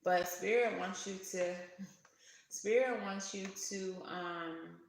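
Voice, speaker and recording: Gravelly, chatty tarot reader in an echoey room. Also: medium pitch, slow, a little hiss or hum. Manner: chatty, laughs often, swears casually. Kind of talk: casual tarot reading to camera.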